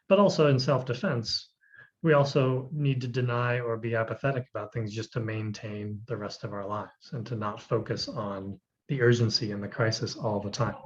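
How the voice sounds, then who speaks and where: A man's voice: on the low side, fairly even intonation, fairly quick, highs cut off. A male instructor in a recorded course video, talking conversationally with frequent fillers and posing questions to the viewer. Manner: conversational, many "um"s, asks questions.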